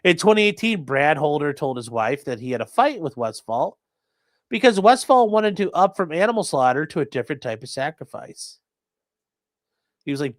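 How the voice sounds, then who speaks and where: A man hosting a livestream as an attorney, giving sarcastic, animated legal commentary. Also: a little high, moderate pace, no echo. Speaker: attorney and channel host.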